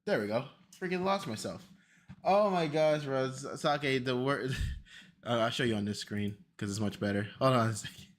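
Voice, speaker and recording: A man's voice: mid-range voice, moderate pace. A young man streaming casually, rambling and exclaiming to himself as he sets things up. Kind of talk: casual stream chat while setting up a video.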